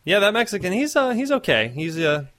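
A man's voice: sits high, big pitch swings, a little fast, pushed and bright. A man co-hosting a casual gaming podcast, telling rambling stories in a laid-back way. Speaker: podcast co-host. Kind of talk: casual chat.

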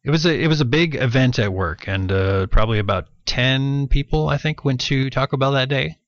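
A man's voice: medium pitch, fairly quick, no room sound. Joking male podcast co-host, casual delivery, dry and slightly dull audio. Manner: joking, reads listener questions aloud. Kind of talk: casual chat.

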